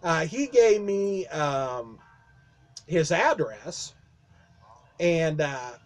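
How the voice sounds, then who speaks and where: A man's voice: fairly high pitch, expressive, extremely slow. A man telling a long personal story to his vlog camera in a casual, rambling way, with lots of fillers, restarts and chuckles. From Midwestern United States. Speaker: vlogger.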